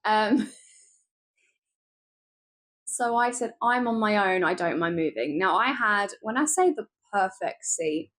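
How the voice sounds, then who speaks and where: A woman's voice: medium pitch, takes it slowly, pauses often. Chatty woman telling a travel story. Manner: lively, animated retelling with laughs and asides. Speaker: travel vlogger.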